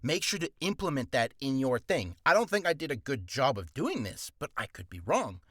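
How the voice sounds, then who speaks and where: A man's voice: mid-range voice, big pitch swings, normal speed, fairly bright tone, husky, no room sound. A man who is a voice actor, giving a casual tutorial in a rambling way with many restarts and apologies, recorded in a home booth on a studio mic. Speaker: voice actor teaching. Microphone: studio mic with pop filter.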